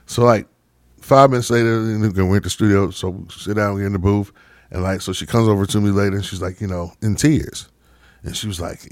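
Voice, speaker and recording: A man's voice: fairly low pitch, a little fast, no room sound. A man co-hosting a podcast in casual chat, telling stories and checking in with "right?". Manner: storytelling, animated, repeats "right?". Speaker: podcast co-host.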